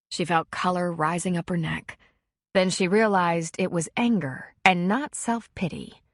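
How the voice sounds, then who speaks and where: A woman narrating an audiobook in an even, measured storytelling manner, close to the mic. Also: fairly low pitch, dry recording. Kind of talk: scripted narration.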